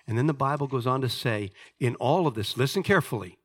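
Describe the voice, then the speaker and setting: A man preaching a sermon as a pastor, telling a story and swinging from hushed asides to loud, emphatic points. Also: mid-range voice, animated, fast, hardly any pauses.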